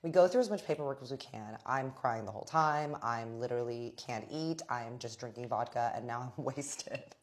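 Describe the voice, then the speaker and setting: A young adult woman telling a personal story to her viewers in a casual, animated way, quoting others in her own voice. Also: extremely low pitch, moderate pace, few pauses. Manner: animated, acts out quoted friends in her own voice, frequent "like". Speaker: storytime vlogger.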